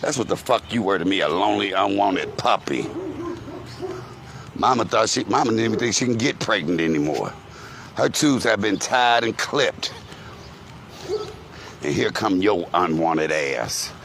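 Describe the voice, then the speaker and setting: Speaking at normal speed in a voice on the low side, a man vlogs on his phone outdoors as he walks to a grocery store. He cursingly rants about his family in animated, insulting storytelling, and a little hiss or hum is present.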